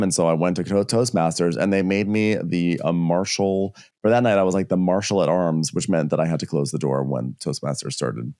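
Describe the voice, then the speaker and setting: Podcast co-host, male, low voice, casual joking recap, dry close mic. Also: steady tone, fairly quick, few pauses, mellow, no room sound. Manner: chatty, acts out characters in quotes. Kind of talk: casual comedic recap chat.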